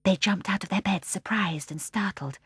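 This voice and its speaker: A woman narrating a children's storybook in a soft, hushed storytelling manner. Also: mid-range voice, moderate pace, slightly rough, no echo, clean studio sound. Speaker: audiobook narrator.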